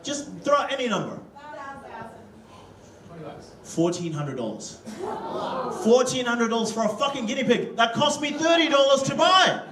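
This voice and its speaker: A stand-up comedian from Africa, loose and profane, chatting with the crowd in a comedy club. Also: male voice, very high voice, big pitch swings, normal speed, pauses often. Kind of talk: stand-up routine. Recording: roomy hall, distant mic, crowd laughter. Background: audience laughter.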